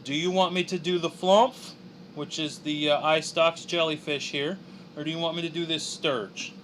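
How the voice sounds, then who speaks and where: A man's voice: fairly high pitch, steady tone, moderate pace, fairly bright tone, slight background noise. A young man chatting casually on a drawing livestream, joking and reading chat aloud. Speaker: streaming artist.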